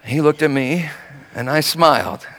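A man preaching a sermon through a personal story, told in an animated way that swings from hushed and soft to shouting. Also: a little high, a little slow, in a large hall, noisy background.

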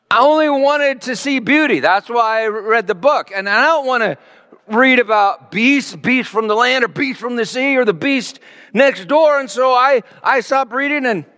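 A man in his sixties gives a self-mocking storytelling sermon, dropping to a low murmur and then rising to loud exclamations. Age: 60s. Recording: long hall reverb.

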